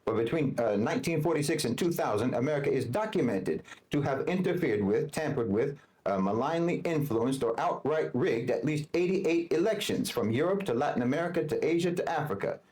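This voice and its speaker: A man's voice: on the high side, lively intonation, a little mellow. Man narrating a scripted argument. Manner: measured, argumentative. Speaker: narrator of the original video.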